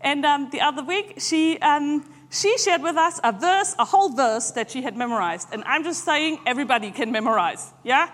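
High-voiced woman preaching in a reverberant hall. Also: animated, fairly bright tone. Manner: conversational, halting, many filler pauses. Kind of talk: informal sermon.

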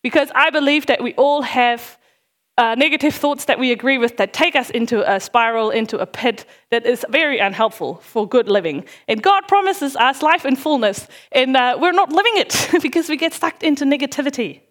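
A middle-aged woman talks through an informal sermon in a fairly high voice. She is chatty and self-deprecating, often pausing on little fillers as she tells stories from her own life. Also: animated, fairly bright tone. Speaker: parish worker giving a talk.

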